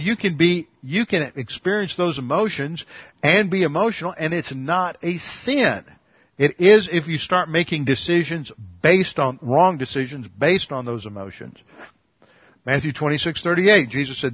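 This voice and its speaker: A pastor gives an earnest expository sermon in a slightly husky, mid-pitched male voice, slowing way down to stress key words. The recording sounds dull and lo-fi, close and dry, with no echo.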